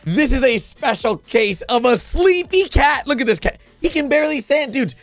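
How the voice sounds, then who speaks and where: A man giving casual, excitable commentary as he reacts to funny videos, breaking into exclamations and jumping from one thought to the next. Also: very high voice, normal speed, no room sound, soft background music.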